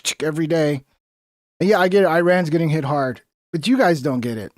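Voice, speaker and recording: A man's voice: fairly high pitch, no room sound, clean studio sound. A young man streaming, ranting about the news in a heated, profane, rambling way. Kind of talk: casual political commentary.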